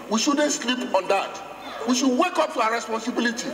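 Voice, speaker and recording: Very high-voiced Nigerian lawmaker, echoey hall. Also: male voice, brisk. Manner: urgent, repeating rhetorical questions. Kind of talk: parliamentary speech. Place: legislative chamber. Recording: echoey chamber from a distance.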